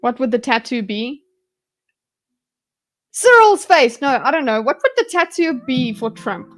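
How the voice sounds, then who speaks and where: A woman's voice: sits high, sing-song, measured pace, fairly bright tone, low-quality recording. A woman hosting a livestream, giving rambling, sarcastic reaction commentary and chatting with viewers. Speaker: livestream host.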